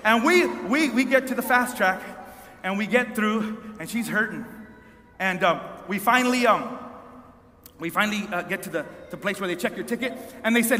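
A man's voice: high voice, animated, moderate pace, bright, forceful tone. A man preaching a sermon, telling a story animatedly to an audience in a large hall, often repeating words. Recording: reverberant hall.

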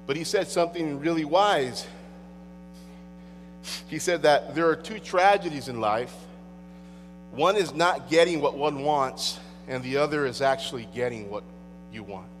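A man with a high voice preaches a sermon, emphatic and wry, in a conversational style. His words ring out with a long reverb, as if in a large hall, and a faint electrical hum sits underneath. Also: unhurried, long pauses.

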